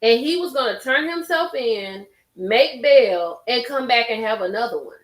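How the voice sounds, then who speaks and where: A woman's voice: on the high side, animated, normal speed. A woman hosting a casual live stream, reacting expressively and talking straight to her chat. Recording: roomy echo.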